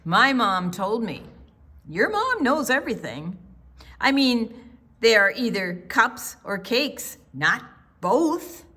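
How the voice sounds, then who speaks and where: A woman's voice: fairly high pitch, sing-song, slow pace, pushed and bright, full character voice. A woman voicing a chorus of bossy, know-it-all frogs in a chirpy, preachy way. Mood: smug.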